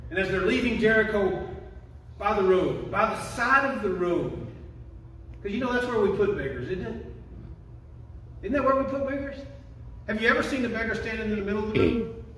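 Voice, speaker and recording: A man preaching a sermon as pastor, emphatic and building to shouted quotations. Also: sits high, slight background noise. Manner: emphatic preaching, rising to shouts when quoting. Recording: echoey, distant room mic.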